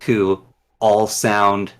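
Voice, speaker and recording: A man with a Northwestern Canadian accent talks in a low, plain voice. He rambles through a casual interview, full of ums and restarts. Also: little pitch movement, extremely slow, fairly bright tone, clear, resonant tone. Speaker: guest.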